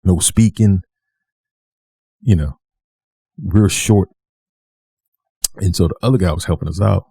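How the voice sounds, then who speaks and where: A man tells a personal story straight to the camera in a deep, very dark and mellow voice with a husky edge. He is animated, repeats lines for emphasis and acts out the people in the story. The recording is dry and close. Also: a little slow, long pauses, no echo. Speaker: vlogger.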